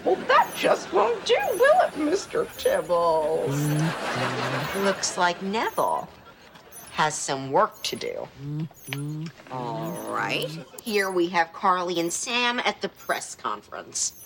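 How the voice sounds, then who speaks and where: A man's voice: high voice, huge pitch swings, slow pace, gravelly, noisy background, exaggerated voice. A young man playing a scheming, pompous young schemer in a sitcom, gloating and theatrical. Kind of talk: sitcom acting.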